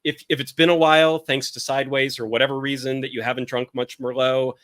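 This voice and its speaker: A man's voice: mid-range voice, little pitch movement, quick pace, a bit bright, no room sound, studio quality. A man hosting a podcast, chatting casually and eagerly piling up tasting notes. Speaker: podcast host. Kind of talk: casual wine tasting chat.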